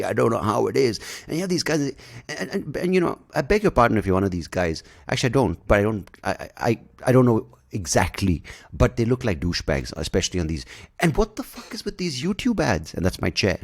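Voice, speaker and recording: Brief: sarcastic, swearing podcast host, low voice with lively swings. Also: male voice. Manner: rambling, profane, sarcastic. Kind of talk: ranting podcast monologue.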